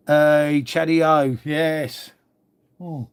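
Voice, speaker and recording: A man's voice: a little high, flat delivery, drawn-out words, background noise. Chatty middle-aged man, rambling and slangy. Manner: rambling, chatty, swears freely, calls everyone mate. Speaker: live stream host. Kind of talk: casual live stream chat.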